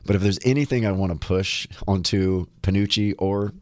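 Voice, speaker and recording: A man in his forties co-hosting a podcast, relaxed and chatty, laughing easily. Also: sits low, normal speed, no room sound. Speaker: podcast host. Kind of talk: casual chat.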